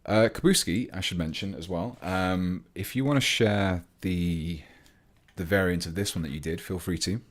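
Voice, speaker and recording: Deep-voiced English man chatting on a livestream. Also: moderate pace. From England. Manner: chatty, rambling, reads chat aloud mid-task. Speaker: hobby livestream host. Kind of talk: casual livestream chat while building models.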